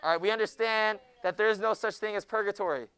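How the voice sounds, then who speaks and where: A young man teaching a junior high Bible class in a classroom, joking with the students and often hushing them. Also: steady tone, fast talker, smooth, no echo. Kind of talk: classroom lecture.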